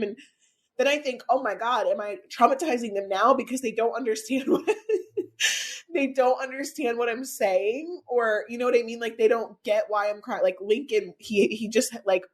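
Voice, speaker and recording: A woman in her thirties co-hosting a podcast, talking openly and haltingly about her feelings and close to tears. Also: medium pitch. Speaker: podcast co-host. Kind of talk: candid emotional podcast chat.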